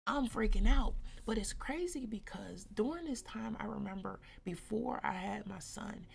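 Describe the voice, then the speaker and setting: A woman with a gravelly, fairly high voice hosts a live stream, telling a candid personal story in a blunt, colloquial way full of slang and swearing. She speaks at a moderate pace with hardly any pauses, animated and talking straight to her listeners.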